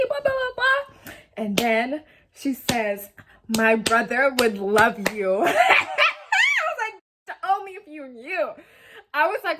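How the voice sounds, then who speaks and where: A young woman in her twenties telling a story in a rambling, slangy, casual way, full of "like" and swearing. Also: a little high. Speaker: vlogger. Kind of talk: casual story-time chat.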